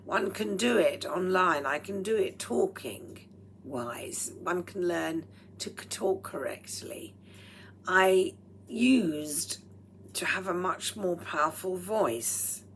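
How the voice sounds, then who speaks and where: A woman vlogging at home with a throaty, strained voice, speaking in a slow, deliberate and slightly formal way and often dropping into breathy whispered asides. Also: on the low side, lively intonation, a bit bright, a little hiss or hum. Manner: proper, slightly formal phrasing. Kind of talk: rambling personal vlog monologue. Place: at home while cooking. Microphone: speaking into a microphone.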